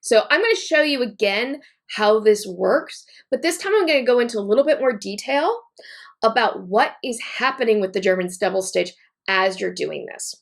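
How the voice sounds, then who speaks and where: A woman walks through a knitting technique step by step, narrating each move as she works. Her delivery is methodical and repetitive, and her voice carries a noticeable gravelly fry. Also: on the high side, lively intonation, moderate pace. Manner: methodical, repeats key points, talks while working. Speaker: knitting teacher. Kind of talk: step-by-step tutorial demonstration.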